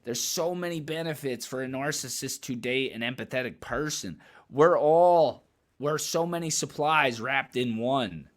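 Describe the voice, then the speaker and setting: A man's voice: medium pitch, a little slow. A man giving blunt, emphatic commentary in a casual vlog, swearing freely and repeating phrases as he builds his point. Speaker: commentary vlogger.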